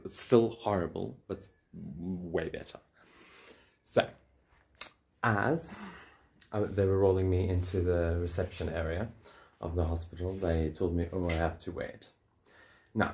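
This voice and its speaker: A low-voiced man with a South African English accent talks straight to the camera. He tells a personal story in a casual, joking way and swears freely. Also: gravelly. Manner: swearing, joking, animated retelling. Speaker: vlogger.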